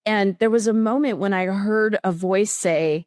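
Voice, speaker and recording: A woman guest on a podcast, telling animated stories and acting out her own inner thoughts. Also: mid-range voice, a little slow, hardly any pauses, no room sound, studio quality. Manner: animated storyteller who acts out her own inner dialogue. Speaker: guest author. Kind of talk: conversational podcast interview.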